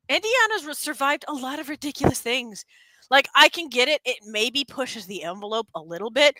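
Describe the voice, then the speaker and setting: Bright, high-voiced chatty woman streamer. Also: normal speed, dry recording, rough recording. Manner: chatty, laughs often, excited rants. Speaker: streamer host. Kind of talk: casual chat.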